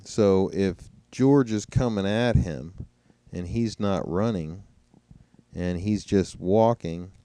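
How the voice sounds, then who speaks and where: A man talks through his commentary in a loose, conversational way, pausing to muse. His voice is very deep and mellow, smooth and resonant. The recording is close and dry, with no room sound. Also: no room sound. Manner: conversational, musing, mocking imitations. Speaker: commentator reacting to trial footage. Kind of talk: casual commentary over clips.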